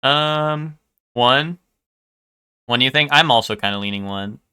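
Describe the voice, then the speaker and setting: A man's voice: medium pitch, unhurried, bright, forceful tone, clear, resonant tone. A man streaming live, chatting casually with his chat and stumbling over unfamiliar food names. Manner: chatty, hesitant, stumbles over foreign words.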